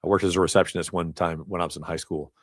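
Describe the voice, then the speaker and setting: A man teaching a live training class, talking casually with asides and quick self-corrections. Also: deep voice, steady tone, no echo, clean studio sound. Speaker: instructor. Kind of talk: live certification lecture. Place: training event room.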